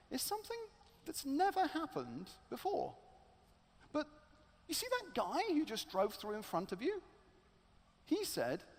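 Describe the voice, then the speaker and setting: A man preaching as a calm, measured older woman toll booth worker. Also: very high voice, exaggerated voice. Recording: echoey large hall.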